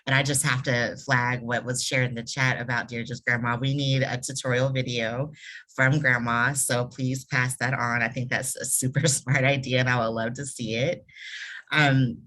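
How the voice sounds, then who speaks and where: A woman's voice: very deep voice, little pitch movement, normal speed, low-quality recording. Casual affirming woman moderator. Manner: warm, affirming, casual with fillers. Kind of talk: webinar panel moderation. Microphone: video call.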